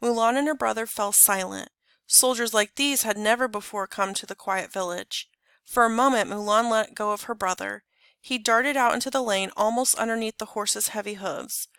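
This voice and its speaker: A woman reading a children's story aloud in an expressive, clear narrating voice. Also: fairly high pitch, normal speed, no room sound. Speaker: storybook reader. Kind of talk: scripted narration.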